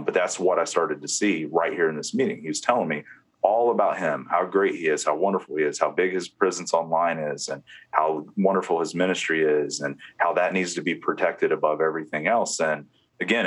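A former head of security, interviewed, recounts meetings at length in an extremely low voice, talking a little fast. He retells conversations in quoted speech, full of fillers and restarts, as he tells his story.

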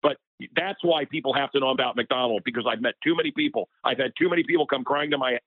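A man's voice: mid-range voice, fast, no room sound. Guy on a tinny phone line getting all fired up, dry sound. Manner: impassioned, gets worked up. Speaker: guest, radio personality. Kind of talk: heated interview conversation.

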